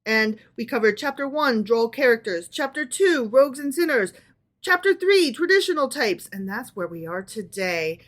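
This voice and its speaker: A chatty woman co-hosting a casual book club show, reading folklore aloud. Her voice sits a bit on the higher side, and she keeps stopping to check in with her partner. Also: animated, moderate pace. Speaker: podcast co-host reading aloud.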